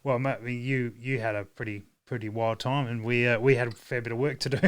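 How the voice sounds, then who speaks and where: A man's voice: medium pitch, steady tone, fairly quick, smooth. A man hosting a livestream, telling stories in a rambling, casual way with many restarts. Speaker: livestream host. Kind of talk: casual chat.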